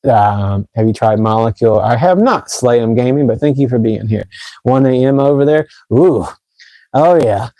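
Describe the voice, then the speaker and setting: A man's voice: medium pitch, expressive, moderate pace, dark tone, no room sound. A young adult man hosting a casual livestream, reading out viewer comments and chatting in a rambling way, often restarting his sentences. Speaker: livestream host reviewing fragrances.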